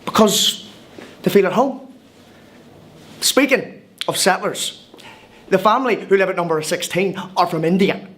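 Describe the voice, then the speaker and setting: A man's voice: sits high, expressive, unhurried, pauses often, fairly bright tone. A cheerful Irish newcomer, chatty and wide-eyed, telling his tale in a scripted film monologue. The Irish accent is there from the first line. He talks wryly and stumbles over a word now and then. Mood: wry storytelling. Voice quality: chatty, wry storytelling with hesitant restarts. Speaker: monologue narrator.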